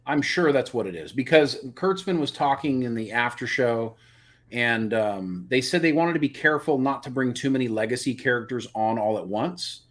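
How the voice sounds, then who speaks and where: A man co-hosting a live review podcast, chatting casually and getting animated as he makes his points. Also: medium pitch, normal speed. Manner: animated, opinionated, repeats words when excited. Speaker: podcast co-host.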